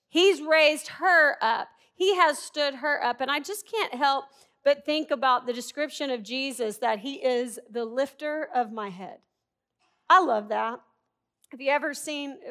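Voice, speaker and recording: A woman's voice: high-pitched, a bit bright. A middle-aged woman preaching a sermon in a conversational, humorous and emphatic way.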